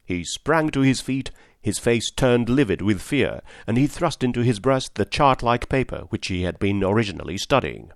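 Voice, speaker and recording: A man narrating a story aloud in a measured, formal manner. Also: medium pitch, lively intonation, creaky, no echo, studio quality. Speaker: audiobook narrator. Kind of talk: scripted narration.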